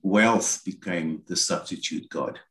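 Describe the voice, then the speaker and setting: A man's voice: sits low, slow, sharp tone. A man preaching a sermon, explaining scripture and voicing quoted lines as he goes. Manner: expository, quotes scripture in acted asides. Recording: roomy echo.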